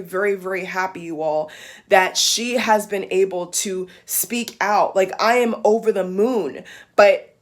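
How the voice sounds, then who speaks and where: A woman giving impassioned vlog commentary, emphatic and blunt, repeating phrases for emphasis and swearing. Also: medium pitch. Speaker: YouTube commentator.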